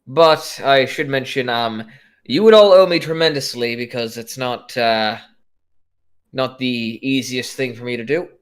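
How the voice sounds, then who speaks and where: Halting man playing a tabletop character. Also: medium pitch, clear, resonant tone. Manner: halting, full of fillers and restarts. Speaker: player. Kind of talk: in-character tabletop role-play.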